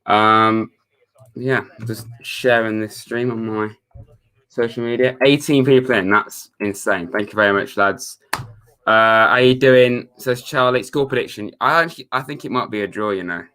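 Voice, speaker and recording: Man, young, live-stream chat, laid-back, lowish pitch. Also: moderate pace, bright, forceful tone, clear, resonant tone. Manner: chatty, reads chat messages aloud, laid-back.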